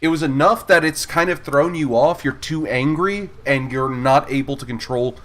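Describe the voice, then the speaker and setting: Bright-voiced male game master. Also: a little high. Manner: halting narration full of fillers and restarts. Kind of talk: narrating a tabletop game. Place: live stream.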